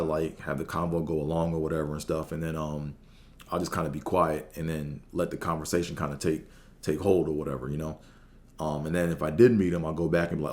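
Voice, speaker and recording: A man hosting a podcast, telling casual stories in a rambling way with lots of fillers, acting out quotes in a raised voice. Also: low voice. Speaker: podcast host. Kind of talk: casual storytelling monologue.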